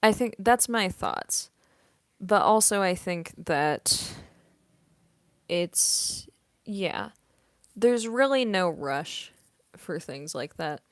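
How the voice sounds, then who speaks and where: A young woman and voice actress chatting in a quiet, soft-spoken late-night Q&A at home, laughing often. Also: fairly low pitch, lively intonation, drawn-out words, pauses often, dry recording, clean studio sound. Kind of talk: casual late-night Q&A chat.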